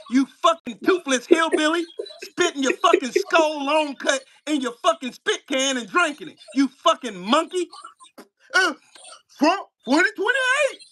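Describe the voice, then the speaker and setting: A man's voice: very high-pitched, pushed and bright. A man hosting a live stream, taunting and trash-talking in a profane rant from his home setup.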